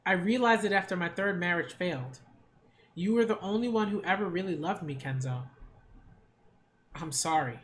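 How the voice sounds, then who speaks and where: A woman's voice: moderate pace, pauses often, a little hiss or hum, close to an everyday voice. A woman voicing a desperate scheming woman. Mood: pleading. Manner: pleading, then shrill and threatening. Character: desperate scheming woman, pleading then threatening. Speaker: anime dub character. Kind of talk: English anime dub acting.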